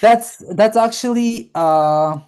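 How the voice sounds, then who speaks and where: A woman's voice: on the high side, slow pace, darkish tone, smooth. A woman with an Armenian accent, a teacher co-hosting a casual podcast chat, teasing and playful, with many fillers. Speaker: podcast co-host, English teacher.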